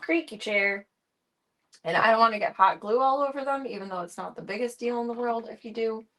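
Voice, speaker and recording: A woman's voice: fairly high pitch, a little fast, fairly bright tone. A woman streaming casual chat, narrating chores and talking baby-talk to her cats.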